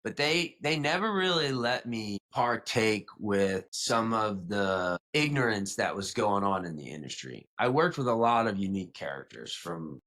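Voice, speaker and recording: Young man, light south louisiana accent, low voice, rambling podcast guest. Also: animated, normal speed, few pauses, a bit bright. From Louisiana, south of New Orleans. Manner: rambling, self-correcting, with many "like" and "you know". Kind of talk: casual storytelling interview.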